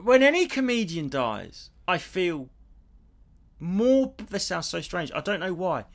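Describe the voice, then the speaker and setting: Animated man, swearing storyteller. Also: high voice, a little slow, vocal fry. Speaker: podcast co-host. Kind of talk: casual comedic chat.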